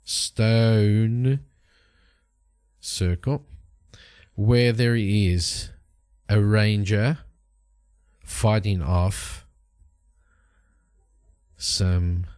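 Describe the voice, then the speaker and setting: A man's voice: lowish voice, steady tone, very slow, long pauses, a little mellow, smooth. A man hosting a solo tabletop game, narrating the story and musing aloud as he checks tables and rolls dice. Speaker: host and solo game player.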